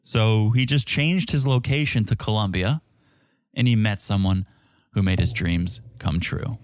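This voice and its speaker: A man's voice: fairly low pitch, a little slow, clear, resonant tone, dry recording, clean studio sound. A man co-hosting a podcast, recapping a reality show in casual, chatty talk and laughing often. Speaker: podcast co-host.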